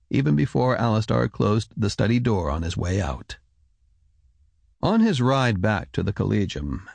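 A man reading a fantasy audiobook in steady, even narration on a close mic. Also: fairly low pitch, vocal fry, dry recording. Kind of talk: scripted narration.

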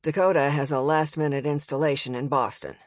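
A woman's voice: low-pitched, fairly even intonation, fairly quick, no room sound, studio quality, voice pushed down, lightly acted. A woman reading an audiobook and voicing a distracted, easygoing grown man who speaks breezily and apologetically. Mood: apologetic.

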